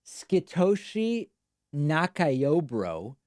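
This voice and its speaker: A man's voice: on the high side, big pitch swings, very slow, a little mellow, dry recording, studio quality. A man hosting a live political commentary stream, talking back at clips with sarcasm. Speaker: show host.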